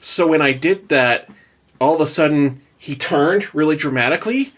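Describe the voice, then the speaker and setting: A man co-hosting a podcast, telling a story in a casual, animated way and laughing often. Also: on the high side, moderate pace. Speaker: podcast co-host.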